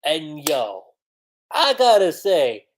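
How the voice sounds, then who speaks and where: A woman streamer chats through a comic review in a loose, slangy way and breaks into laughter often. Her voice sits low but swings widely, which keeps the delivery animated. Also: takes it slowly, a little hiss or hum. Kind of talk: casual livestream chat.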